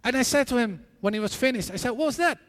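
This expressive, high-voiced preacher gives a sermon built on personal stories and prayer. He speaks earnestly but haltingly, restarting often and repeating words, and the large hall adds long reverb.

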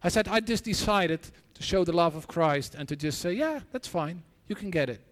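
High-voiced man preaching in a reverberant hall. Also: animated. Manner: earnest, halting storytelling with frequent restarts and repeated words. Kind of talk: sermon with personal stories and prayer. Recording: long reverb of a large hall.

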